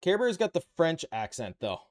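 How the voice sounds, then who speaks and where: A man's voice: on the high side, big pitch swings, moderate pace. A Canadian man with a Canadian accent, casually chatting and bantering with his viewers while building a model kit on a live stream. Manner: chatty, playful banter with chat.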